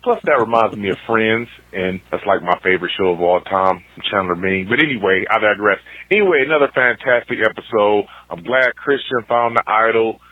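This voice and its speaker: A man's voice: on the low side, brisk, few pauses, no room sound. A man calling in to a podcast, chatting in a rambling, enthusiastic way over a phone line. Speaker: caller. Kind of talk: casual voicemail recap. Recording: tinny phone line, dry.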